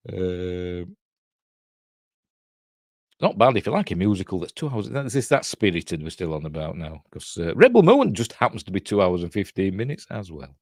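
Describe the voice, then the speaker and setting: A man's voice: low voice, wildly swooping pitch, unhurried, long pauses, a little mellow, dry recording, studio quality. A middle-aged man with a Yorkshire accent, rambling through a casual film breakdown and answering viewers' chat. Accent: Yorkshire English. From Yorkshire, England. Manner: rambling, chatty, reads and answers live chat. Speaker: host.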